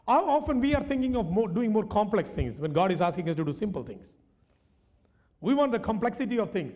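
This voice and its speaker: A male pastor preaching a sermon in a church. He is animated, often throws questions to the congregation and at times drops into quiet, personal storytelling. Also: sits high, brisk.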